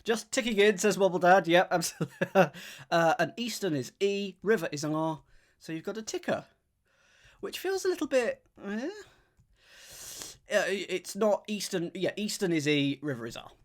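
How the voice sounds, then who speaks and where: A man solving a crossword on a live stream, thinking aloud, reading clues out slowly and chatting with his viewers. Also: high voice, expressive.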